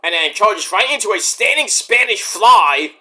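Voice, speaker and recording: A man recaps a wrestling show in a loose, profane vlog style, wandering off on tangents along the way. His voice sits high and bright, and it bounces up and down with plenty of energy. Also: lively intonation, moderate pace. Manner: rambling, profane and digressive. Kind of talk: casual review vlog.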